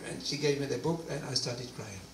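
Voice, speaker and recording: A man giving a personal testimony talk, animated storytelling with quoted dialogue, in a hall. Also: medium pitch, brisk, slight background noise. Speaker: guest speaker. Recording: roomy distant hall recording, faint ambience.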